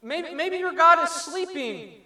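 A man preaching voices a brash male prophet who taunts his rivals loudly, stretching his words for emphasis. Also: very high-pitched, pitched above the performer's own voice. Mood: mocking. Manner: loud, taunting, drawn-out emphasis. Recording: roomy, mic at a distance.

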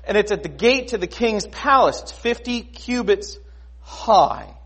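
A man preaching a sermon in a conversational, animated way, often asking rhetorical questions. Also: high voice, a little slow, slightly rough. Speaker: pastor.

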